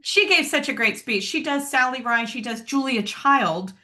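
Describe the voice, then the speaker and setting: A woman's voice: high-pitched, lively intonation, normal speed, bright, forceful tone. A woman co-hosting a podcast, telling a story in a chatty way with plenty of ums and asides. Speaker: podcast co-host. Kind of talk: casual chat.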